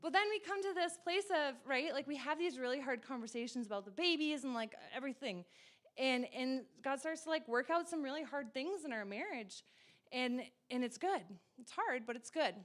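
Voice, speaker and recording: A woman in her thirties telling a personal faith story in casual talk, laughing often and acting out quoted lines in excited bursts. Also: sits high, normal speed. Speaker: guest sharing her testimony.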